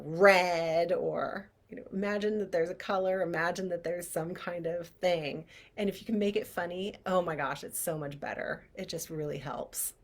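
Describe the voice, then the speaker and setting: A woman teaching as a clairvoyant energy healer, leading a guided visualization in a chatty, expressive way that drops to soft near-whispers. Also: low-pitched.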